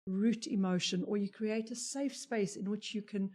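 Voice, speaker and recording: A woman with a South African English accent, explaining things in a measured way as an expert on a discussion panel. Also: medium pitch, steady tone, warm tone. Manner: explanatory, measured, uses examples.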